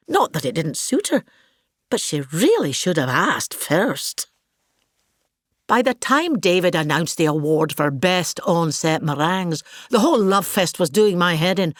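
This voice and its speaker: A pompous older Scottish actress. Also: female voice, on the low side, dry recording, clean studio sound. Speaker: comic monologue narrator. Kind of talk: scripted comic monologue.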